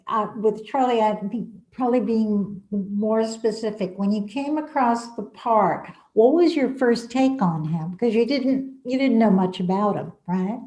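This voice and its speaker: A woman playwright being interviewed over a video call. She speaks very slowly and gently, unfolding anecdotes at an unhurried pace. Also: a little high, low-quality recording. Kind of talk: casual interview chat.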